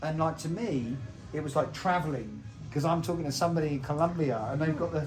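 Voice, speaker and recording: English man, sixties, rambling swearing storyteller, slightly high voice, echoey room, faint music. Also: fast, distant mic. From England. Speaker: guest. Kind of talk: casual chat. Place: indoors at a pub.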